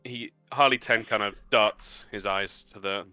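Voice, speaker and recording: A man's voice: on the low side, steady tone, unhurried, sharp tone, no room sound, soft background music. A man narrating a tabletop game as game master, loose and casual, with many fillers.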